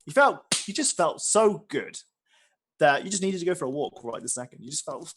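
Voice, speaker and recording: A man's voice: fairly high pitch, big pitch swings, a little fast, background noise. A man narrating as game master, rambling with many fillers and restarts. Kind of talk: narrating a tabletop game session.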